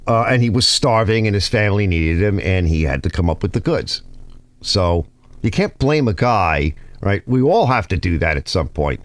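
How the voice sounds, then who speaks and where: A man with a New York accent hosts his own YouTube channel, rambling casually to viewers in a deep, expressive voice at normal speed with no echo. He often restarts his sentences and reads comments aloud.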